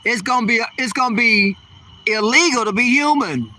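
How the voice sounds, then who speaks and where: An older male comedian in a profane, rambling rant. His voice is very high and bright, and he keeps piling up his complaints. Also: moderate pace. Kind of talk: stand-up style ranting monologue.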